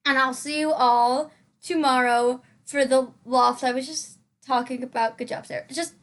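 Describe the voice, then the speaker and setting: A woman's voice: high-pitched, steady tone, unhurried, a bit bright. A young woman hosting a game-building video, chatting casually in a rambling, giggly way with lots of fillers and restarts. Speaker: Sims building channel host. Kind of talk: casual voice-over chat.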